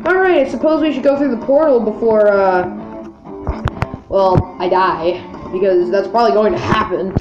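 A woman giving casual commentary over her own gameplay, playful and exasperated, talking to the characters on screen and bursting into yelps. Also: fairly high pitch. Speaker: gaming video creator. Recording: roomy with game music behind.

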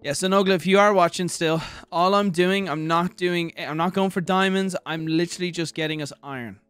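A young man talks loosely while he plays a game on a livestream, swearing freely and joking with his chat. His voice sits a little high for a man. Faint music runs underneath the talk. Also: steady tone, fairly quick, fairly bright tone, clean tone, no room sound. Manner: chatty and profane, thanks viewers, jokes. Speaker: streamer.

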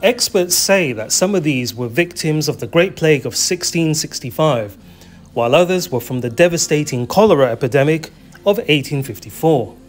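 A man's voice: on the high side, expressive, moderate pace. A man narrating a travel video as its host, in a scripted but playful way that leans on the comic details. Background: faint background music.

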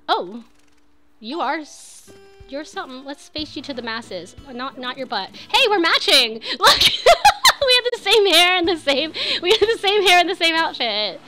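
A woman in her thirties streaming a game, giggling and rambling as she plays. Her voice is high and bright, and it jumps around animatedly. Game music plays faintly underneath. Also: big pitch swings, normal speed. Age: 30s. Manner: giggly, rambling, swears freely. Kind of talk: casual live gameplay chat.

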